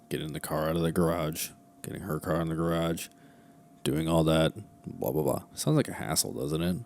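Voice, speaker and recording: A man's voice: low-pitched, gravelly, darkish tone. A man hosting a true crime podcast in casual, rambling chat, swearing freely and drifting into asides, recorded at home. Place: at home, room with a heater.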